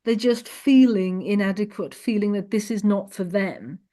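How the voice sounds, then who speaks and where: A woman's voice: mid-range voice, normal speed, dark tone. Earnest woman hosting a conversation. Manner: earnest, thinks in long searching sentences. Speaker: podcast host. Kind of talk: conversational interview.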